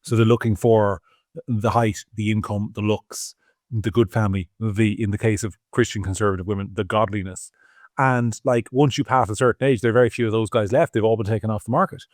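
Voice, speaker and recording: A man's voice: lowish voice, fairly even intonation, brisk, no echo, clean studio sound. A man with an Irish accent co-hosting a podcast, hesitant and defensive with stammering restarts. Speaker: podcast co-host. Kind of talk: casual podcast chat.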